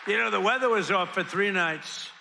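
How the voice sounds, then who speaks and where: A man's voice: high-pitched, moderate pace, vocal fry, crowd noise, noisy background. A man giving a boastful, rambling, repetitive rally speech at a podium microphone. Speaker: political speaker at a rally. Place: large rally venue.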